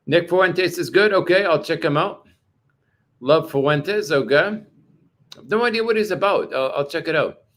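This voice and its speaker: A man from Canada hosts a relaxed livestream, chatting with his viewers. His voice sits a little high for a man. He rambles along with plenty of "uh"s and restarts. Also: a little slow. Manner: rambling, many fillers and restarts. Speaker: livestream host reading chat. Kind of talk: casual livestream chat.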